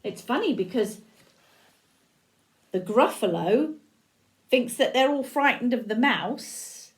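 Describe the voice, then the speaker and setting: Older woman reading a storybook aloud, lively. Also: fairly high pitch. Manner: expressive, pauses to chat and ask the listener questions. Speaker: grandmother reading to children. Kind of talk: reading a picture book aloud.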